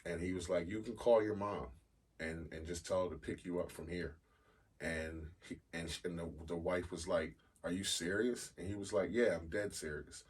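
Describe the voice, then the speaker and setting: A man's voice: low voice, fairly even intonation, moderate pace, husky, distant mic. A man co-hosting a podcast in casual chat, telling stories and swearing freely. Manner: storytelling, swears casually, laughs loudly when amused. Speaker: podcast co-host.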